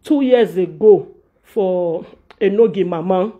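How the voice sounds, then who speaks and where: A woman's voice: mid-range voice, slow. A woman with a Nigerian Pidgin accent ranting to her viewers, repeating phrases to drive each point home. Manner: emphatic, repeats phrases for stress. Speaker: vlogger. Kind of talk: casual ranting monologue. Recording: dull lo-fi audio.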